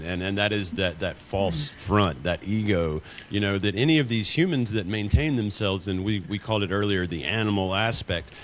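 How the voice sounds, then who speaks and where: A man with a lowish voice, drawling his thoughts out slowly in casual conversation. A faint hiss of noise sits behind him.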